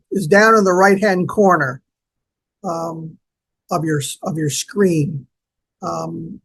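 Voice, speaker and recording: A Canadian man with a Canadian accent, a guest explaining things in a relaxed, friendly way with small hesitations. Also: high-pitched, vocal fry, rough recording. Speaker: guest archaeologist. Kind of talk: interview chat and explanation.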